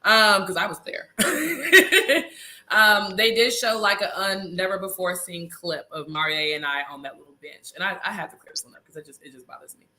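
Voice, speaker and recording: A woman in her thirties telling a dramatic story in a casual interview, animated and talking straight to viewers. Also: medium pitch, moderate pace. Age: 30s. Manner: animated, dramatic, addresses audience as y'all. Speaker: reality show cast member, guest; nurse.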